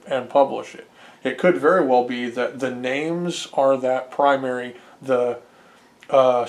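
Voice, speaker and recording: A man giving casual, rambling commentary as a homebrew game developer, with many fillers and restarts. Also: medium pitch.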